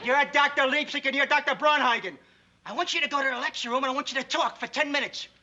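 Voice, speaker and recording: A sneering bossy gangster. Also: male voice, extremely high pitch, fast talker, over a noisy crowd. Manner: curt, sneering, commanding. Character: wounded tough male gangster, bossy and sarcastic. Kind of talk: 1960s sitcom acting. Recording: dull 1960s TV audio, hiss, laugh track.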